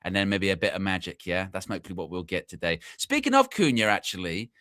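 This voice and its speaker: A man co-hosting a fan show in casual football chat, animated and joking. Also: quick pace, no echo, clean studio sound. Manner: animated, mimics friends in high voice.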